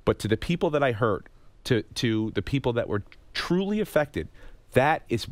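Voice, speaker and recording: A man, a comedian guest on a radio show, speaking haltingly and earnestly, repeating words. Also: medium pitch, very animated, dry recording. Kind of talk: radio interview.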